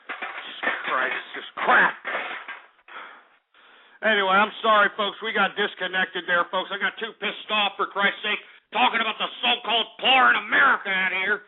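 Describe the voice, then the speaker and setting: Male talk radio host, furious and foul-mouthed, high-pitched voice, thin lo-fi audio. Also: fairly even intonation, brisk, few pauses. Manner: profane, heated ranting. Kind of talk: angry call-in radio rant. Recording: tinny phone-like audio.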